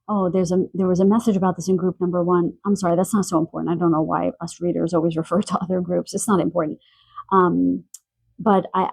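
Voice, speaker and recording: A woman giving a spiritual pick-a-card reading, gentle and searching, relaying messages with pauses and fillers. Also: fairly low pitch, creaky, slightly rough, no room sound, rough recording. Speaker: tarot card reader. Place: quiet room in the evening.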